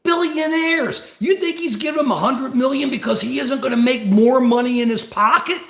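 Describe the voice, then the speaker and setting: A man hosting a political livestream, emotional and emphatic, repeating himself, answering viewers' comments by name and yelling at times. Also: extremely high pitch, moderate pace. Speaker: livestream host. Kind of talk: impassioned political livestream rant. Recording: roomy echo.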